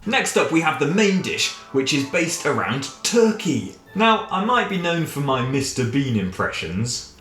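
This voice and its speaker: A man's voice: fairly high pitch, very animated, unhurried, fairly bright tone. A man teaching a playful French lesson for children from a home kitchen, repeating words for pupils to copy. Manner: playful, drills words with varied voices. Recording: echoey room with faint music.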